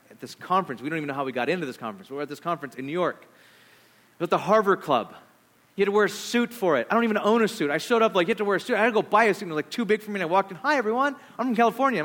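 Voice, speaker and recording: A pastor preaching with a high voice for a man. He tells stories in an animated way, with quick asides, and moves between jokes and earnest points. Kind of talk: sermon with personal stories.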